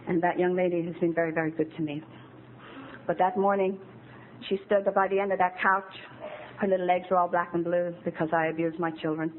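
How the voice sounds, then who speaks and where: Low-voiced woman telling her story, tinny recording. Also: level tone, fairly quick. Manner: candid, emotional storytelling. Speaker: AA speaker. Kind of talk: personal recovery talk at a meeting. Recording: tinny phone-like old tape with faint hiss.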